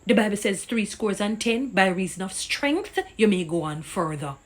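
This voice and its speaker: Here a Jamaican-accented woman commentator uses an expressive mid-range voice at a normal speed. She launches into a fired-up, indignant rant of opinion, preaching and citing passages of scripture.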